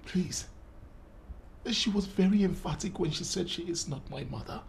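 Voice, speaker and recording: A man's voice: high voice, moderate pace, vocal fry, slightly rough, full character voice. An actor playing an elder prince who is indignant at his brother and pleads with his father for answers. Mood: pleading.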